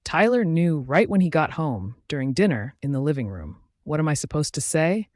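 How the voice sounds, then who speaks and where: A man's voice: fairly high pitch, sing-song, moderate pace, darkish tone, no room sound, studio quality. Man reading a romance audiobook. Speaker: audiobook narrator. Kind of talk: scripted first-person narration.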